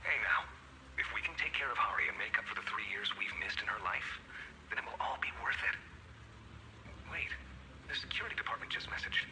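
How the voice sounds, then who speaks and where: An actor playing a gentle, earnest young father in a game cutscene, reassuring and urgent. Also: on the low side, lively intonation, a little fast, long pauses, heavy background noise, close to an everyday voice. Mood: tender.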